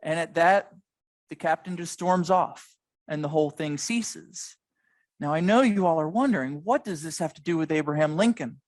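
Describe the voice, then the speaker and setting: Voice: mid-range voice, moderate pace, dry recording, rough recording. A lecturer telling a history story in a dramatic way, stressing the key moments, at an evening museum lecture.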